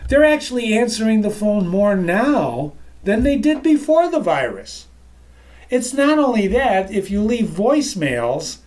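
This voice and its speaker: Animated, high-pitched man giving a sales talk. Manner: emphatic, animated, repeats phrases, addresses the audience as ladies and gentlemen; moves around while talking. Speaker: sales trainer presenting to an online audience. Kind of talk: energetic motivational presentation. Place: his office.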